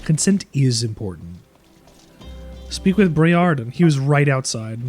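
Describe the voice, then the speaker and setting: Animated, joking male streamer. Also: medium pitch, a little slow, faint music behind. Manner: joking, swears, reads dialogue aloud. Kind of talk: casual game stream commentary.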